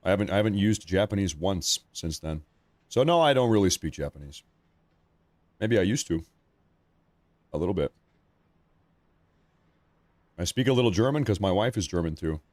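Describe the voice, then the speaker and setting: A man in his thirties with a fairly low voice hosts a casual live stream. He rambles and repeats himself in an easy, conversational way. The sound is dry and close, with no room echo. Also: lively intonation, normal speed, pauses often, darkish tone.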